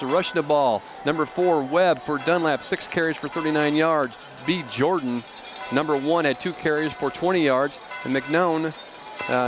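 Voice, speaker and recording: A man calling a local high school football game, reading off stats with many pauses and fillers. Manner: halting, filler-heavy stat reading. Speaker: play-by-play commentator. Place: outdoor football stadium broadcast booth.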